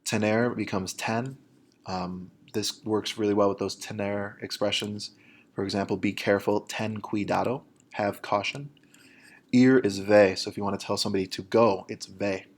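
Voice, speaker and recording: A man with a fairly low voice, walking students through a recorded lesson. He explains each point step by step in a plain, patient way, and slows down to model the phrases. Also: fairly even intonation. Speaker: Spanish teacher.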